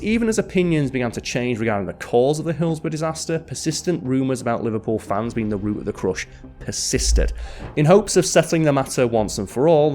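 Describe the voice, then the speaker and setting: A man's voice: medium pitch, darkish tone. Man narrating a history documentary, wry. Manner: dry, wry asides between measured narration. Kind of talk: scripted history narration with asides.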